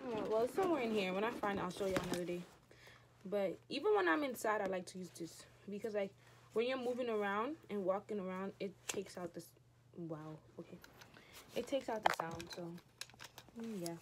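A woman's voice: medium pitch, lively intonation, fairly quick. A young woman chatting casually to her vlog viewers, rambling and calling them y'all, filmed at home and then out on a rainy street. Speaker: vlogger. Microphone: clip-on mic and phone camera. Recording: noisy phone vlog audio.

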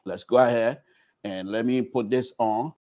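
A man's voice: medium pitch, steady tone, unhurried, darkish tone. A middle-aged Liberian man hosting a radio talk show, talking in a folksy, repetitive, preacher-like way. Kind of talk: opening prayer then casual monologue.

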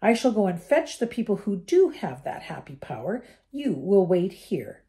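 A woman's voice: medium pitch, sing-song, moderate pace, mellow, voice pushed up. A woman voicing a cold, sneering, menacing male teacher in a storybook reading.

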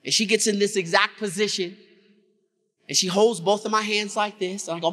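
Bright-voiced male keynote speaker in an echoing hall. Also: high voice, steady tone, moderate pace. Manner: dramatic, with call-and-response to the audience. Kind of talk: motivational keynote storytelling. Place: large conference hall. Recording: reverberant conference hall.

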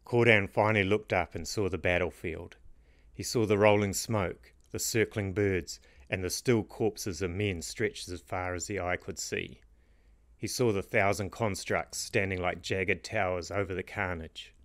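Guy reading his fantasy book out loud, lowish voice, dry close sound. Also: fairly even intonation, measured pace, no room sound. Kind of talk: storybook narration.

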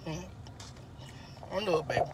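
A man's voice: a little high, normal speed, recorded from a distance, very noisy. A man in his forties chatting casually while eating, often mumbling with his mouth full. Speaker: co-host eating companion. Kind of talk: casual mukbang chat.

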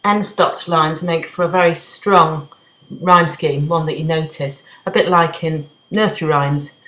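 A woman teaching a literature revision lesson, explaining things clearly and step by step. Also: deep voice, a bit bright, echoey room, low-quality recording.

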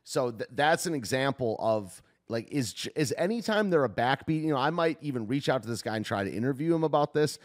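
A man's voice: mid-range voice, expressive, a little fast, few pauses. Man, video host, off-the-cuff commentary, thinking aloud, searching, tentative. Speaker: video host reacting to a clip.

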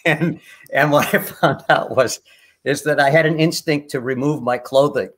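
Fairly bright and husky, this older man's voice sits on the high side, and he speaks at a moderate pace. As a guest performer on a video call, he shares rambling anecdotes full of restarts and laughs at his own stories.

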